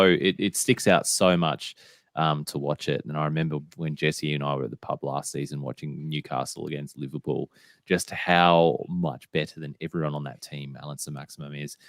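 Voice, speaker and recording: A man with a very deep voice feels his way through casual football talk, stopping and restarting as he goes. He is recorded dry and close, with no room echo. He sounds like a relaxed podcast regular. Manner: hesitant, with fillers and restarts. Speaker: podcast co-host.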